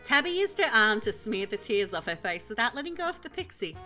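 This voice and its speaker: A woman streamer narrating a visual novel aloud in an expressive, dramatic storytelling manner. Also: on the high side, a little fast, soft background music.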